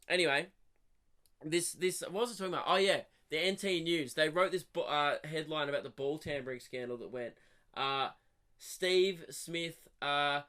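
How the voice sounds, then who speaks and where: A young man riffs through a rambling comic monologue for his podcast. He swears freely, swings from animated rants to low muttered asides, and his voice sits slightly high with a bright, forceful edge. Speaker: comedian podcast host.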